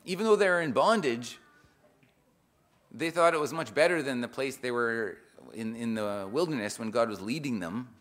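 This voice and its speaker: An earnest man preaching an informal sermon with a medium voice pitched in the usual range for men. He reads scripture aloud, then explains it with restarts. His loudness swells and drops for emphasis.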